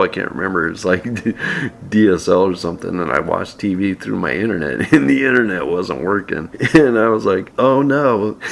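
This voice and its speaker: A man's voice: low-pitched, vocal fry. A man telling a story casually at home, laughing through nearly every sentence in a loose, rambling way. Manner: loose, rambling and filler-heavy. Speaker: vlogger. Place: at home indoors, with his cat beside him.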